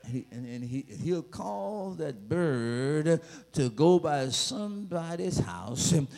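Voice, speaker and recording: Gravelly, animated man preaching a sermon. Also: fairly high pitch, slow pace. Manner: dramatic, rising to shouts, playful asides.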